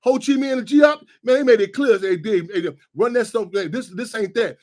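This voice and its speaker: Fast-talking high-voiced man rambling. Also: darkish tone. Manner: rambling, repeats "you know what I'm saying". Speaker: radio show host. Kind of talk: casual monologue.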